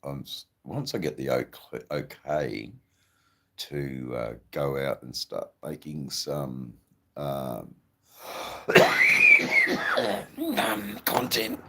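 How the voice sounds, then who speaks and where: A middle-aged Australian man with a persistent cough, hosting a casual livestream in a slow, rambling way with frequent ums. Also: a bass voice, expressive, a little hiss or hum. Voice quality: gravelly. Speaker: livestream host. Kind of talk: casual livestream chat reading comments.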